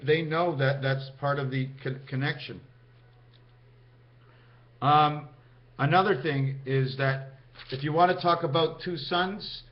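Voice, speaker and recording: Guy on a home vlog going on and on about numbers and connections, voice a bit high, muffled cheap sound. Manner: meandering, counts numbers aloud, talks straight to viewers. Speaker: vlogger. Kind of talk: rambling numerology monologue to camera. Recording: dull lo-fi sound.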